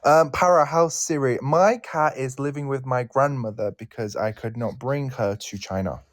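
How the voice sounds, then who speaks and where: A British man hosting a casual online chat, playful and quick to laugh. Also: medium pitch, dry recording, clean studio sound. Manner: animated, laughs often, playful. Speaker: host.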